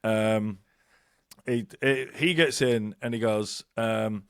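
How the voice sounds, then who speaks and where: A man's voice: fairly low pitch, slow pace, smooth, no echo, studio quality. A man co-hosting a podcast, telling stories and acting out quotes in a casual chat. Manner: animated storyteller, acts out quotes. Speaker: podcast co-host.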